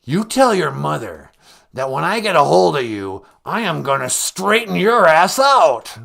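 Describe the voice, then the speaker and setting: A man's voice: fairly high pitch, very animated, creaky, bright, forceful tone, husky, heavily acted. A man doing a blustering, threatening celebrity caller. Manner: menacing, slow drawn-out threats. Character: blustering angry movie-star man caller. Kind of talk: comedic impression.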